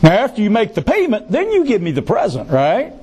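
A man's voice: high voice, huge pitch swings, brisk, darkish tone, slightly rough. A male pastor preaching a sermon, who repeats key phrases for emphasis and adds joking asides.

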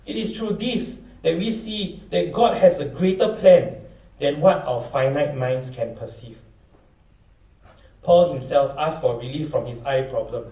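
A man's voice: fairly high pitch, dark tone. A middle-aged man preaching a sermon, reading scripture aloud and acting out the voices of questioners. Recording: echoey room from far off.

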